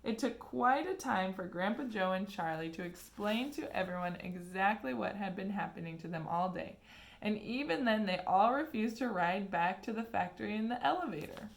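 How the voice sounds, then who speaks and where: Teacher lady reading a kids' book out loud, gentle chatty asides, middle pitch. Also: moderate pace, gravelly. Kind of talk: storybook read-aloud.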